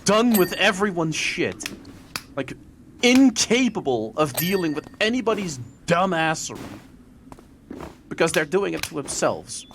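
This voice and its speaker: Animated Dutch man, profane ranting. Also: fairly high pitch, measured pace, slight background noise. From Netherlands. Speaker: podcast host. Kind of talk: casual chat.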